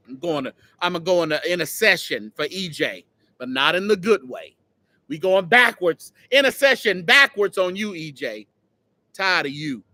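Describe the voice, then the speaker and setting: A man hosting a casual livestream outdoors, mocking and teasing someone in an animated way. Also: high-pitched. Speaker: host.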